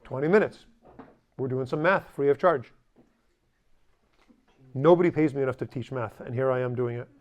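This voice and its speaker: A man's voice: medium pitch, normal speed, pauses often. A man teaching a language class, blunt and joking, drilling students to repeat after him. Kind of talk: classroom lesson.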